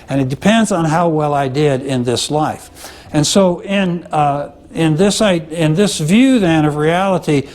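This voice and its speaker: In this classroom lecture, the speaker is a man whose voice sits a bit high and sounds a little mellow. His explanations are easygoing and conversational, full of "uh" fillers and restarted sentences, and he keeps asking "okay?" or "right?" to make sure students follow.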